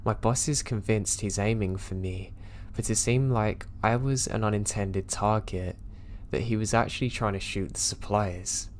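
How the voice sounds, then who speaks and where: A man narrating true scary stories in a steady, low-key storytelling voice. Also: normal speed, slight background noise. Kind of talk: scripted narration of listener stories.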